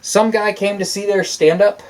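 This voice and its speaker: A man's voice: high-pitched, fairly even intonation, normal speed. A man co-hosting a casual talk show, telling stories in a loose, profane way and laughing often. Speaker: podcast co-host. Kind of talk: casual chat.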